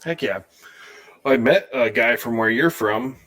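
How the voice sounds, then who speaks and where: A man's voice: mid-range voice, normal speed, a bit bright. A man co-hosting a podcast in an easygoing, upbeat way. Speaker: podcast co-host. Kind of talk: casual podcast chat.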